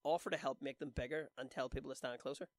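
A man, a comedian, cracking quick sardonic jokes in a casual chat. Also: mid-range voice, no room sound.

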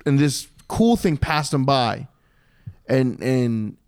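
A man's voice: medium pitch, lively intonation, slow pace, a little mellow, clear, resonant tone, no echo, studio quality. A man in his twenties telling a long story in casual podcast chat, rambling with many restarts and swearing freely. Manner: rambling, profane, restarts and trails off. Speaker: podcast co-host.

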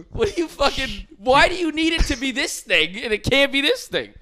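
A man in casual podcast chat, ranting with animated profanity. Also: extremely high pitch, normal speed.

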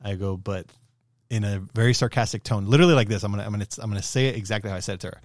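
A man's voice: on the low side, very fast, no echo, studio quality. Laid-back swearing podcast host, man. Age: 30s. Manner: laid-back, swears a lot, laughs often. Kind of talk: casual chat.

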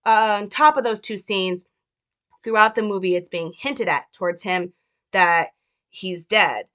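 A young woman commenting on a film speaks a little slowly, her mid-range voice fairly bright. Casual and chatty, she hedges often and leans on fillers.

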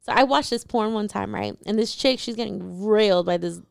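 A woman's voice: mid-range voice, brisk, vocal fry, no echo, studio quality. A young woman hosting a podcast, telling frank stories in casual chat and laughing often. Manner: candid, giggly storyteller. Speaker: podcast host, comedian.

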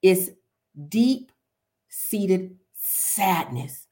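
Emphatic woman host with a lower voice. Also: animated, extremely slow, mellow. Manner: emphatic, repetitive, builds points step by step. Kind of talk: faith-based talk, preaching tone.

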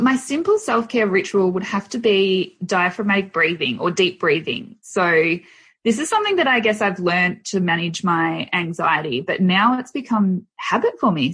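A husky woman in her thirties speaks as an interview guest. She talks in a relaxed, reflective way, often pausing on "um" as she thinks aloud. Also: mid-range voice. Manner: open and reflective, with frequent um fillers. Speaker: guest, nutritionist and wellness coach. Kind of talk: casual podcast interview.

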